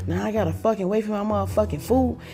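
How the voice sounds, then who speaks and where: A woman imitating her blustering stepfather, loud and cursing as he complains. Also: medium pitch, fast, voice pushed up, lightly acted. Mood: fed up. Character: angry hungry stepfather, blustering and profane.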